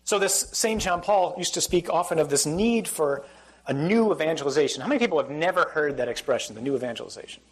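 Speaking quickly and with plenty of animation, this Catholic priest has a voice on the high side. He addresses a live congregation in a church or hall, conversational and funny, regularly quizzing the audience, though the audio is poor.

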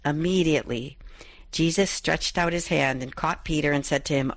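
This deep-voiced, middle-aged woman talks at a moderate pace while hosting a Catholic radio show. She reflects on a gospel passage, reading its verses aloud once more as a devotional meditation, and the sound is dry.

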